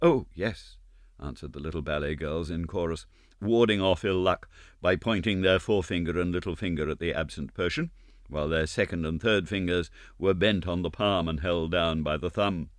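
A man narrating a classic novel in an expressive, dramatic storytelling manner. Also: low voice, moderate pace, no room sound, clean studio sound. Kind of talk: audiobook narration.

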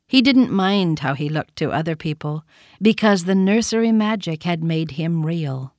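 A woman narrating a children's storybook in a gentle, measured reading. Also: lowish voice, lively intonation, no room sound, studio quality.

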